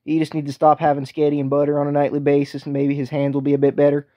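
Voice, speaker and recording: A man's voice: a little high, steady tone, brisk, a little mellow, no echo, dull audio, lightly acted. A man voicing a crude, belligerent co-host who speaks with a put-on accent. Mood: brash, crude. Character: brash foul-mouthed male co-host with a put-on accent.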